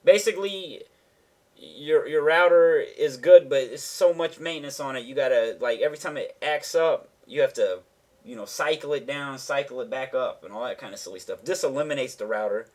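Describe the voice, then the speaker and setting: A man talks through gaming gear in a casual, rambling vlog, circling back and restarting his sentences as he goes. His pitch sits in an ordinary middle range, and his delivery stays loose and offhand, with a slangy edge. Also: normal speed. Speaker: gaming channel host. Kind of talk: casual tech vlog explanation.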